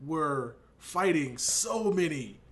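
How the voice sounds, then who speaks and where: A man arguing heatedly in a casual podcast debate, getting loud and animated. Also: on the high side, slow. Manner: animated, raises voice when arguing. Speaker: podcast co-host.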